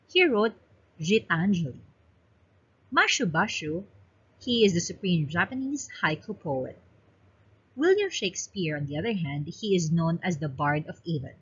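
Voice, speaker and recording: A woman's voice: on the low side, fairly bright tone, breathy edge, highs cut off. A woman with a Filipino accent reads exam review questions aloud and explains each answer choice in turn, like a teacher. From Philippines.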